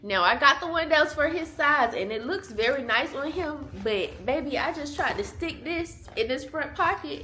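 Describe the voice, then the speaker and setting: A woman's voice: a little high, bright, forceful tone, slight background noise. A woman in her twenties, a mother vlogging in casual chat to camera, candid and chatty, laughing often and talking straight to her viewers. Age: 20s. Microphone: small handheld camera.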